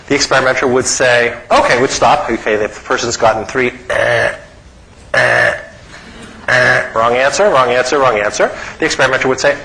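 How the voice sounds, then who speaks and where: Middle-aged guy teaching a psych class, lively, keeps going "okay?". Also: medium pitch, rough recording. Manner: animated, frequent "okay?" check-ins. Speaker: psychology professor lecturing. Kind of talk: lecture.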